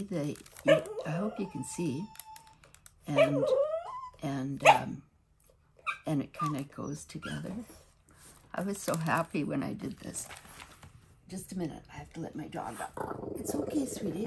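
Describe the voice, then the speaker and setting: A woman's voice: deep voice, huge pitch swings, measured pace, pauses often, very noisy. A woman hosting a casual crafting tutorial at home, chatty and rambling, often restarting mid-sentence.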